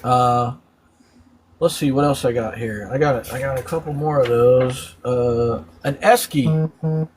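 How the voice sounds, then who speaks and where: A man's voice: medium pitch, a little slow, darkish tone. A man hosting a casual live stream, animatedly explaining slang terms one by one and laughing often.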